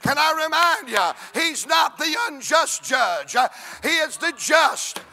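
A male preacher delivering a sermon in rhythmic, shouted, repeated exhortations. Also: extremely high pitch, big pitch swings, slow pace, vocal fry, faint music behind.

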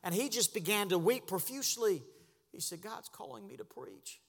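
A man preaching a sermon as pastor, impassioned, dropping to a hush and then rising to a shout. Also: high voice, big pitch swings, moderate pace, vocal fry, big-room sound. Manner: impassioned, swings from hushed to shouting. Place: church sanctuary.

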